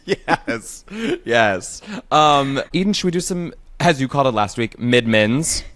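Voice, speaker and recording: A man's voice: mid-range voice, animated, a little slow, fairly bright tone. A man co-hosting a podcast in casual chat, upbeat as he runs through show facts. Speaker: podcast co-host, actor.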